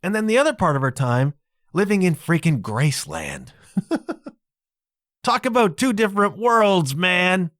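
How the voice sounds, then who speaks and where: Male solo podcast host, emphatic and chatty, animated delivery, dry close mic. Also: sits high, unhurried, vocal fry, pauses often, no echo. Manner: emphatic, conversational, keeps checking in with the listener.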